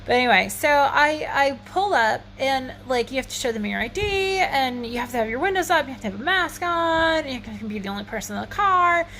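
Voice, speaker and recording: A woman's voice: high voice, lively intonation, a little fast, few pauses, sharp tone. A woman telling a rambling, self-mocking story to her phone at home, slightly wheezy, with a fan humming behind. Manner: chatty, rambling, laughs at herself. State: a little wheezy. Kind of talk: casual storytelling vlog. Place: indoors at home with a fan running. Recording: faint fan hum behind.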